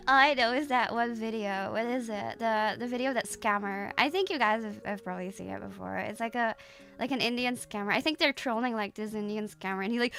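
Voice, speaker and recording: Young woman, casual streamer chat, rambling with fillers, bright voice, faint music behind. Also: on the high side, a little fast, vocal fry. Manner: rambling and hesitant, many restarts and fillers.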